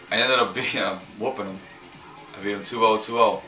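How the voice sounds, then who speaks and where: A fairly low-voiced man talks through his weekend in a loose, stop-and-start ramble, tripping over repeated words and dropping casual swears. His tone is bright and forceful. He sits some distance from the mic in an echoey room, with faint music behind him. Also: steady tone, fast talker. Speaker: fighting-game player recapping a tournament.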